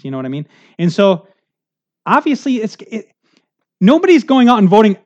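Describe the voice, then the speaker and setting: Rambling high-voiced man preaching a sermon. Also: a little fast. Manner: rambling, animated, with frequent "you know" asides and restarts. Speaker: pastor. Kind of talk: conversational sermon. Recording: muffled lo-fi recording.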